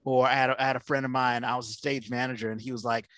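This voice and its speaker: A man's voice: mid-range voice, flat delivery, rapid-fire, fairly bright tone, dry recording. A man hosting a podcast over a video call, talking in a rambling way with many fillers and restarts. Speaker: podcast host. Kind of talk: casual video-call conversation.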